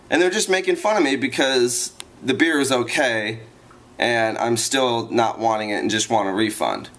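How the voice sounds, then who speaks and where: Man, vlogger, exasperated rant, rambling delivery, average pitch. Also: moderate pace, fairly bright tone. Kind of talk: ranting vlog.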